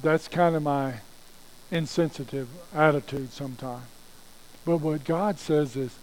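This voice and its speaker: A man's voice: a little high, steady tone, measured pace, darkish tone, slight background noise, low-quality recording. A pastor preaching a conversational sermon, repeating phrases and restarting his sentences as he goes.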